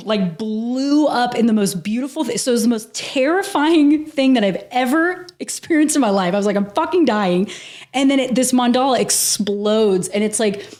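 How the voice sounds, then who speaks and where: Animated woman telling a vivid story. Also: medium pitch. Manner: animated, vivid storytelling with frequent laughs and casual swearing. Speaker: podcast guest. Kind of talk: telling a personal story in a casual interview.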